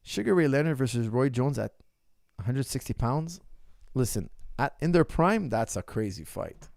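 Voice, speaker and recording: A man's voice: mid-range voice, animated, moderate pace, gravelly, a little mellow, no echo, clean studio sound. A man in his forties, a martial arts coach answering viewer questions in a casual livestream, blunt and emphatic, repeating his key points. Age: 40s.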